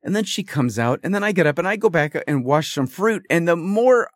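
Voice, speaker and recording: A man's voice: a little high, lively intonation, a little fast, no room sound, clean studio sound. A man hosting a podcast, telling a story in a rambling, exasperated casual monologue. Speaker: podcast host.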